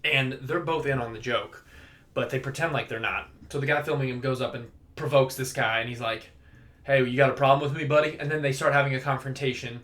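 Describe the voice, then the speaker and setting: A young man chatting on his solo podcast, loose and rambling, dropping curse words as he goes. His voice sits at a middle pitch for a man, and he keeps it easygoing and unscripted. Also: fairly quick, pushed and bright. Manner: rambling, profane, laughs at his own stories. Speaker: podcast host. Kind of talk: casual solo podcast chat.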